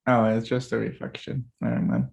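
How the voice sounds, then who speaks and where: A man's voice: medium pitch, big pitch swings, fairly quick, creaky, a little mellow, muffled recording. A man hosting a podcast over a video call, chatting casually and rambling, often stumbling and restarting his words. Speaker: podcast host. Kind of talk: casual chat.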